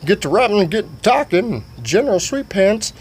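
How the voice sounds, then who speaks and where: A man telling a rambling, profane comic story in an animated way. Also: high voice, moderate pace, breathy edge.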